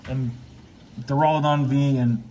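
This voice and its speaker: A man's voice: medium pitch, fairly even intonation, measured pace, dark tone, slight background noise. A man hosting a casual card-opening chat with a friend, joking and teasing while calling out the cards. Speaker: channel host.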